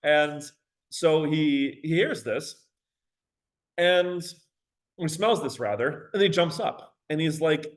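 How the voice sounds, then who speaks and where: A male teacher lectures on a poem in a loose, casual way, full of fillers and quick asides. He breaks into dramatic recitations of the verse now and then. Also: a little high, rough recording. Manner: casual, many "you know" and "okay?" fillers, dramatic readings of verse.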